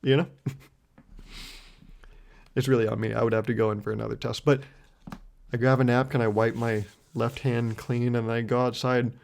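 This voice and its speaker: A man's voice: mid-range voice, flat delivery, moderate pace, gravelly, pauses often, a little mellow. Young guy rambling on his podcast, laughs at himself a lot, swears a bunch, normal mid voice. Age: 20s. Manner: rambling, self-mocking, laughs often, swears freely. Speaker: podcast host. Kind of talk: solo comedic storytelling.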